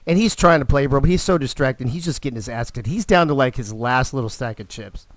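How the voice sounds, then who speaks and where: A man's voice: medium pitch, fast talker, dry recording. Foul-mouthed, fired-up man telling stories. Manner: profane, animated, fired-up storyteller. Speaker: live stream host. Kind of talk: casual storytelling.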